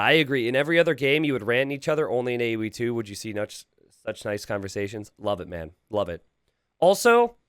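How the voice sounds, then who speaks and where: A man hosting casual gameplay commentary, excitable and quick to laugh, chatting with his viewers and asking them questions. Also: mid-range voice, clean tone, dry recording, studio quality. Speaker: game commentator and channel host.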